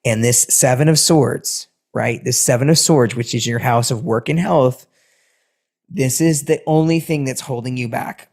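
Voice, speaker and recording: A man giving a casual astrology and tarot reading, animated and sing-songy, swearing now and then. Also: mid-range voice, measured pace. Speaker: tarot reader.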